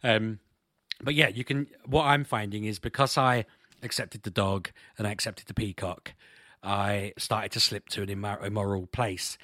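A man chatting casually on a podcast, telling rambling, amused stories with a slightly hoarse voice. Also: fairly low pitch, fairly even intonation, moderate pace, bright, forceful tone, dry recording, clean studio sound. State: slightly hoarse, clearing throat. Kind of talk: casual chat.

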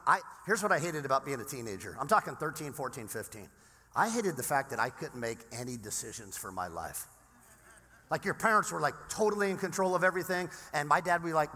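A male pastor from Southern California preaching a sermon in a casual, animated way, with frequent restarts. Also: a little high, a little fast. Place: large church sanctuary. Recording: long reverb in a church hall.

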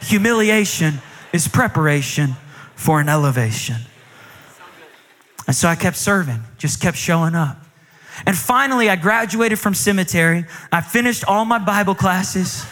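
A man in his thirties preaching a storytelling sermon as a guest speaker, animated and acting out the dialogue in his stories. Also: unhurried, pauses often. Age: 30s. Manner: animated, acts out quoted dialogue, pitch climbs with emotion. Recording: long reverb of a large hall.

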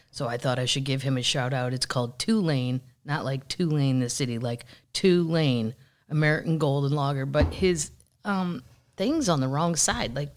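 A vlog host in casual chat, talking in a rambling, sarcastic way with plenty of dry asides. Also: mid-range voice. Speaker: vlogger host.

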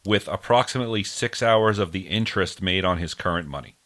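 A man's voice: low voice, a little fast, fairly bright tone. A man co-hosting a podcast, talking in a chatty, enthusiastic way. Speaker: podcast co-host. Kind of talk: casual podcast chat.

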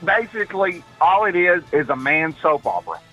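A man's voice: fairly high pitch, big pitch swings, normal speed, sharp tone, lo-fi sound, soft background music. A man calling into a radio show, easygoing and upbeat as he talks about his weekend. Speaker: caller.

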